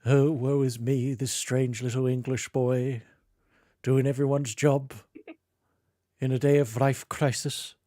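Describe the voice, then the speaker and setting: A man's voice: mid-range voice, little pitch movement, slow, mellow, no echo, studio quality, close to an everyday voice. A Scottish man putting on the voice of a melodramatic, self-pitying young man, drawn out and theatrical. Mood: woeful.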